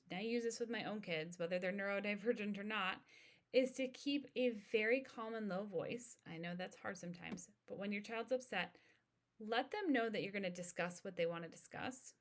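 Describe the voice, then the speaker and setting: A woman in her thirties talks through an educational podcast episode in a calm, steady voice. Her pitch sits in the middle range, and she explains ideas in an instructive way. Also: normal speed. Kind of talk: informational podcast monologue.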